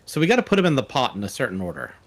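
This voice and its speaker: Male streamer, animated pitch, casual, narrates his own puzzle-solving. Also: very fast. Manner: thinking aloud while solving puzzles. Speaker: streamer guest. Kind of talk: casual live-stream chat.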